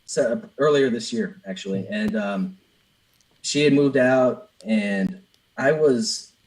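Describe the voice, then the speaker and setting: A man's voice: mid-range voice, rough recording. A business coach, a man, speaking openly in an interview and telling a personal story with many restarts. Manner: earnest, open, lots of restarts and "man". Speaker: business coach, podcast guest.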